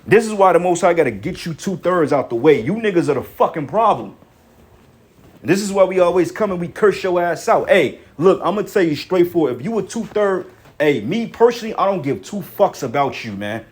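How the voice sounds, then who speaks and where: A man's voice: high voice, expressive, a little fast. A man delivering an angry, profane preaching rant, repeating himself and tagging lines with "man". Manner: heated, repetitive, swearing, ends lines with "man".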